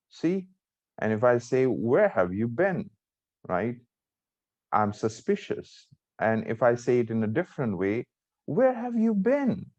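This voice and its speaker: A man's voice: medium pitch, darkish tone, dry recording, muffled recording. Pakistani man teaching spoken English. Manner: repeats example sentences in changing tones. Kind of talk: classroom lecture.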